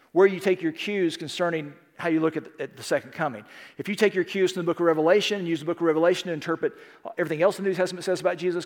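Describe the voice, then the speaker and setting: Middle-aged male pastor, high voice, emphatic folksy sermon, big reverberant sanctuary. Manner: emphatic, folksy storytelling with rhetorical questions. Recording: long reverb of a large hall.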